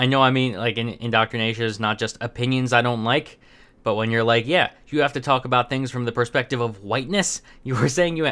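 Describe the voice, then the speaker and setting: A young man talking straight to camera in an offhand commentary, circling his points with plenty of ums and false starts. His voice has a bright, edgy tone and sits at an ordinary middle pitch. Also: clean tone. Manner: rambling, many fillers and restarts. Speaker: commentary host. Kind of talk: casual opinion commentary.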